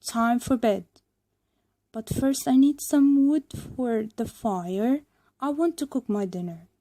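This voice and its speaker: A woman voicing a gruff, bossy puppet master who barks out commands. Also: on the high side, takes it slowly, a little mellow, no room sound.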